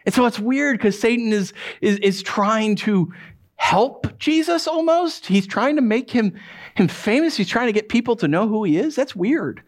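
A man preaching a conversational sermon, animated and acting out voices as he tells the story. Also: high-pitched, normal speed. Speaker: pastor.

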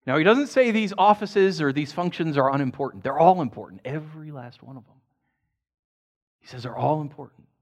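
A man preaching a sermon to his congregation, chatty and animated, often tossing in "right?", and dropping soft and low when he reads scripture. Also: brisk. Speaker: pastor.

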